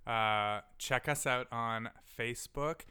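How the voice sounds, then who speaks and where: Crude teasing man with a crisp voice. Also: medium pitch, takes it slowly, bright, forceful tone. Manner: crude, teasing, laughs often. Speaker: podcast co-host. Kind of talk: casual banter.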